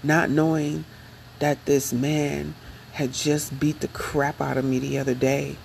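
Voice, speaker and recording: A young adult woman speaking slowly and reflectively in an emotional, confessional personal vlog. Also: low voice, little pitch movement, creaky, a little mellow, a little hiss or hum, rough recording. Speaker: vlogger.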